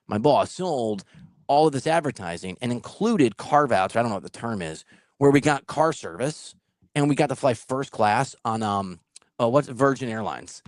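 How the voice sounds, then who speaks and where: Male podcast host, mid-pitch, voice swinging widely as he spins funny stories, dry close sound. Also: normal speed, no echo. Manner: animated, laughing storyteller who swears. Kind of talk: casual storytelling chat.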